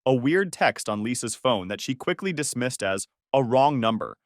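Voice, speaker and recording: A man's voice: mid-range voice, lively intonation, moderate pace, no echo, studio quality. A man narrating a dramatic personal story in the first person, telling it with emotion and heat. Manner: emotional, with angry outbursts in quoted lines.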